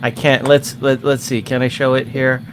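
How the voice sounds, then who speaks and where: A man's voice: medium pitch, level tone, moderate pace, a little hiss or hum. A man co-hosting a casual chat over a video call, chatty and laughing often. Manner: chatty, laughs often, sharing his screen. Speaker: podcast co-host.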